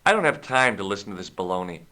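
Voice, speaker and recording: An actor playing a wry young adventurer posing as a doctor, asking questions and narrating in a dry tone. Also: male voice, low voice, big pitch swings, quick pace, sharp tone, heavily acted. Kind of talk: video game voice acting.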